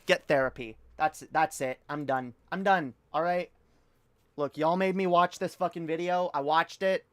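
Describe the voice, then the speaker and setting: A woman's voice: deep voice, normal speed, dry recording. A woman streaming a reaction video, ranting heatedly and profanely with frequent restarts. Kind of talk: livestream rant.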